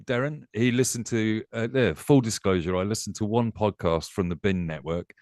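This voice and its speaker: A man's voice: fairly low pitch, moderate pace, a little mellow, no room sound, clean studio sound. A man explaining at length and earnestly as a guest on a casual live-stream chat. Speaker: panel guest.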